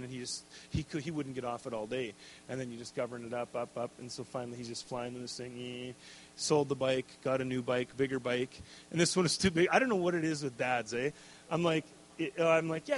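A middle-aged man and pastor preaching a sermon, telling a personal story in an animated, casual way with many fillers. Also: on the high side, a little hiss or hum.

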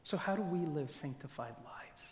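A man preaching a sermon in a church, asking rhetorical questions and swinging between loud emphasis and near-whispers. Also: fairly high pitch, lively intonation. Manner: slow, deliberate delivery with rhetorical questions. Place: church sanctuary. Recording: long church reverb.

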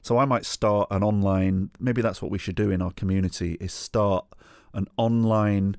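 A man's voice: on the low side, steady tone, moderate pace, a little mellow, no echo, studio quality. A middle-aged man hosting a solo podcast, telling a rambling, sweary, self-mocking story. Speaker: podcast host.

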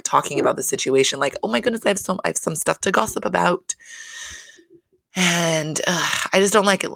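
Gravelly, opinionated podcast host. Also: medium pitch, fairly bright tone, no room sound. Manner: chatty, opinionated, swears a lot, many "like" fillers. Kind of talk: casual reality-TV recap monologue.

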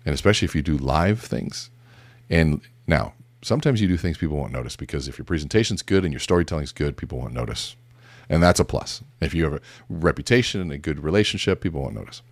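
Middle-aged guy with a really low voice, talking leadership stuff, blunt and punchy, dry close sound. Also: lively intonation, fast, dry recording. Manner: emphatic, direct, with casual asides. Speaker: business speaker on leadership. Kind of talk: conversational motivational talk with storytelling. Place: seated indoors.

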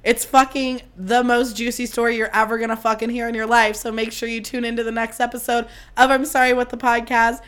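A woman hosting her podcast solo, chatting casually and mocking herself, her voice strained and squeaky. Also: little pitch movement, brisk, hardly any pauses, a bit bright, smooth. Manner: chatty, self-mocking, swears freely. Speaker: podcast host.

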